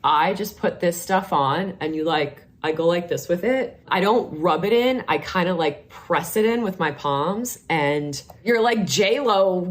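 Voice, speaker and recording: A middle-aged woman with a New York accent, chatting enthusiastically through a casual product review vlog. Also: on the low side. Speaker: vlogger, nurse.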